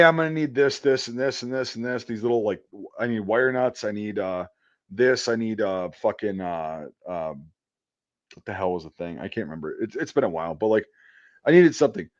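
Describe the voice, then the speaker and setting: A man with a fairly low-pitched voice, captured in dull audio, works as an electrician and tells a rambling work story in casual chat. His delivery is profane, full of fillers he stumbles over, with frequent swearing.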